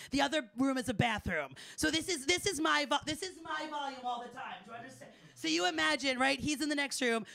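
A young woman doing a stand-up set, loud and chatty with the audience. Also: high-pitched, creaky, dry recording. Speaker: stand-up comedian. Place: live show in front of an audience.

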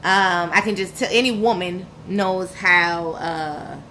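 Frank New woman, bright voice. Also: on the low side, takes it slowly, a little hiss or hum, rough recording. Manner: frank and emphatic, slangy, vivid retelling with quoted dialogue. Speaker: podcast guest. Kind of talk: candid personal storytelling.

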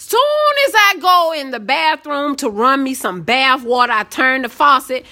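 A young woman, hosting a casual live stream and telling sassy, animated stories. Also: sits high, moderate pace. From Southern United States.

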